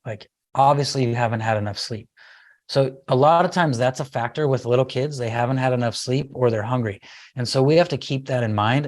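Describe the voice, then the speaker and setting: A middle-aged man speaking as a guest in a podcast interview about parenting, telling a story in an animated way and acting out what he and his child said. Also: mid-range voice.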